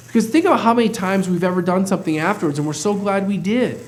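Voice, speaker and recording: A man's voice: sits high, fast, few pauses, a little hiss or hum. A man coaching dental practice teams in an earnest, motivational talk, asking his listeners many rhetorical questions. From United States.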